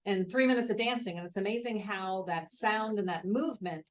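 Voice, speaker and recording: A woman host talks in a relaxed, conversational way, telling little stories from everyday life. Her pitch is middle of the range and her delivery is easygoing and chatty. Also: fairly quick. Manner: chatty, anecdotal storyteller. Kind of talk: casual chat.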